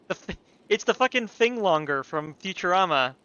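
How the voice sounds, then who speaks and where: Man, game commentary, sweary, animated, lively pitch, slightly dull audio. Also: brisk, no room sound. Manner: sweary, animated, laughing asides. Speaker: let's play streamer. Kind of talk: casual gameplay commentary.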